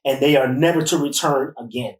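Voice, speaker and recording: A woman's voice: rumbling low, fairly quick. Middle-aged woman preaching a bit in casual chat, repeats herself, far off the mic in a roomy space. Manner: earnest, preachy, repeats words. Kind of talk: casual discussion.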